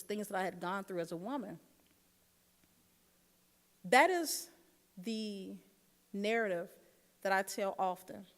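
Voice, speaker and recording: A woman giving a keynote speech at a dinner, telling a personal story and talking straight to the audience. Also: medium pitch. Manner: storytelling, engages audience directly. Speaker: keynote speaker. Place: large dinner hall. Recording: long hall reverb.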